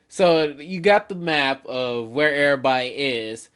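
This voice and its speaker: A man's voice: medium pitch, expressive, unhurried, hardly any pauses, fairly bright tone. A man giving a casual, rambling chapter review with many fillers and some casual swearing. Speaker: manga reviewer.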